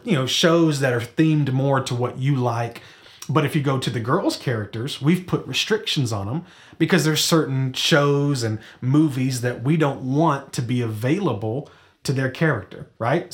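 A man in his thirties preaching a sermon in a conversational way, asking the audience questions and slowing down to stress key phrases. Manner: conversational, rhetorical questions, drops to a low slow emphasis on key phrases. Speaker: pastor.

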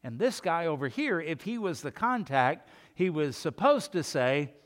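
An older man preaching a sermon as pastor, rising to loud calls and dropping to quiet asides. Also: a little high, big pitch swings, unhurried.

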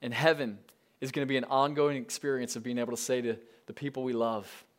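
A man in his thirties giving a sermon as a pastor, talking in a conversational, storytelling way with animated asides. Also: mid-range voice, fast talker.

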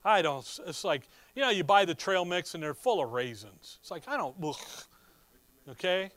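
A man preaching a sermon, reading scripture and explaining it in a folksy, animated way. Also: high voice, moderate pace, dry recording.

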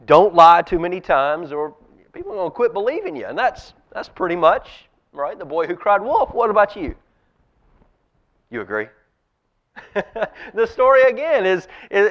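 A man's voice: sits high, lo-fi sound. A man, a pastor, giving a children's talk in a church service, telling a story and asking the kids questions. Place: church sanctuary.

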